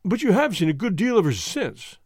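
A man reads as a stern police inspector, pitched noticeably higher than the narration and pressing each question with formal insistence. The voice rises and falls with lively emphasis, and the recording is close and dry, with no room sound. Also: a little fast, slightly rough, dry recording, exaggerated voice. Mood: probing. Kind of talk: audiobook reading.

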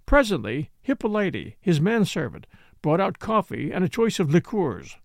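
A man reading a novel aloud as an audiobook narrator, with expressive storytelling. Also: high voice, normal speed, creaky, no echo, studio quality. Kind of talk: scripted narration.

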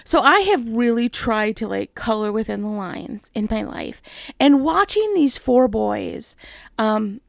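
Female host, middle-aged, gravelly fry, dry close sound, chatty faith talk with easy laughs. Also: fairly high pitch, no echo. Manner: chatty, gentle, with frequent laughs.

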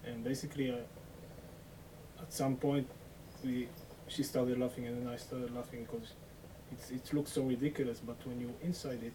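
Halting man, heard from a distant mic. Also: medium pitch, flat delivery. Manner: hesitant, full of restarts, halting. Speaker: questioner from the audience. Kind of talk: personal sharing in a talk. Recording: distant mic with noticeable background noise.

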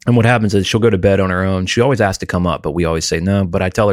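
A man with a very low, deep voice chats casually on a podcast, open and emotional as he tells stories about his family. He is recorded close and dry, with no room sound at all. He sounds like he is in his forties. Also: steady tone, rapid-fire, no room sound. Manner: candid, emotional storytelling. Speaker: podcast co-host. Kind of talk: casual chat.

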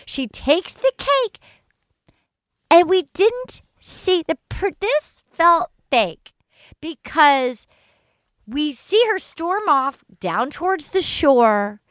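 A woman hosting a podcast, chatting casually about a reality show with lively, mocking asides and frequent laughter. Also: extremely high pitch, drawn-out words, no room sound. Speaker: podcast host.

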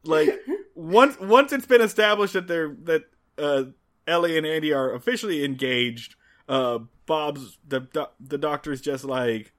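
A man co-hosting a casual podcast recap, retelling the plot in a wry, animated and blunt way. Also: on the high side, a little slow. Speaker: podcast co-host.

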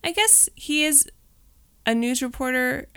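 A woman's voice: sits high, animated, unhurried, sharp tone, clear, resonant tone, dry recording, clean studio sound. A woman in her thirties co-hosting a podcast, chatting casually with wry asides and lots of fillers. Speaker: podcast co-host. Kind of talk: casual movie rewatch chat.

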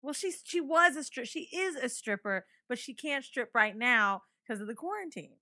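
A woman telling a story on a podcast in casual chat, profane and animated, acting out quoted voices. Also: moderate pace, dry recording, studio quality. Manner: animated, profane, acts out quotes with big pitch jumps. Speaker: podcast guest.

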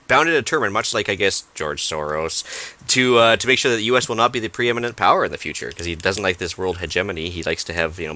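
Low, bright-voiced man chatting on a podcast. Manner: rambling, searching for words with many fillers. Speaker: podcast co-host. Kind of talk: casual podcast chat.

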